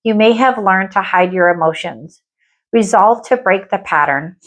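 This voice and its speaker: A woman with a voice of ordinary pitch gives a spiritual tarot reading, speaking earnestly and gently with soft reassurance. Her delivery becomes measured and calm whenever she reads card descriptions aloud.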